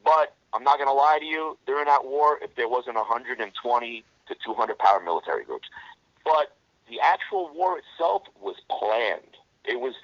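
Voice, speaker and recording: A man's voice: mid-range voice, no echo, highs cut off. A man guest in an interview, telling a war story in blunt, profane language and often restarting his sentences. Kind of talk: casual storytelling.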